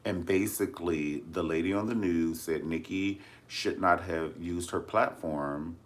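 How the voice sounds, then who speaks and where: A man's voice: deep voice, unhurried. A man chatting casually about celebrity news in a sassy, dramatic way, often calling viewers honey. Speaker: vlogger discussing celebrity news. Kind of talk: casual chat to camera.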